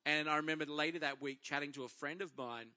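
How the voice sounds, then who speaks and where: A man in his thirties tells a testimony from the pulpit, his voice pitched a little high and strikingly bright. He is an animated storyteller who acts out his own inner dialogue as he preaches. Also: fast talker. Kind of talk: personal testimony to a congregation.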